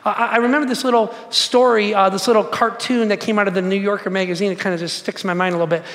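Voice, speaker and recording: A man's voice: high voice, fairly even intonation, very fast, fairly bright tone, big-room sound. A man in his forties preaching a sermon, casual and conversational, telling stories and asking the crowd questions. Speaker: pastor.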